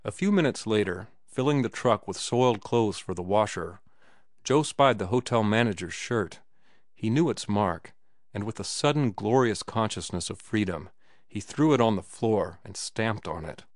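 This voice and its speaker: Man reading a novel aloud, measured. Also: fairly low pitch, expressive, no echo, clean studio sound. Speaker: audiobook narrator. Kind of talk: scripted narration.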